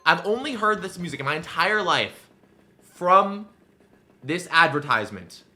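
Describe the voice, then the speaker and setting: Brief: streamer guy in his 20s, rambling and animated, with a sharp bright tone and a slightly higher pitch. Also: unhurried. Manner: rambling, filler-heavy, animated. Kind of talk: casual storytelling while gaming.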